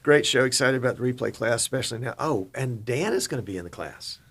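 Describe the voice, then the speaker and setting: A man's voice: mid-range voice, expressive, quick pace, a bit bright, husky. A middle-aged man from Virginia hosting a livestream, chatting casually and reading viewer comments in a folksy way. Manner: folksy, chatty, reads comments aloud and laughs. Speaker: livestream host.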